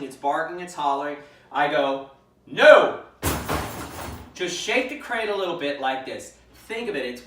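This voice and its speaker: Man explaining dog training in echoey room. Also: fairly high pitch. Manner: calm, steady explaining with frequent restarts and fillers. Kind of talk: instructional demonstration. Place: kennel with dog crates. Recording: echoey room, mic far off.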